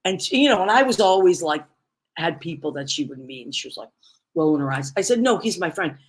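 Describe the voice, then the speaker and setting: A woman's voice: low-pitched, expressive, brisk. A woman hosting a casual interview, telling stories with lots of exclamations. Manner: effusive, storytelling with many exclamations. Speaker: talk show host.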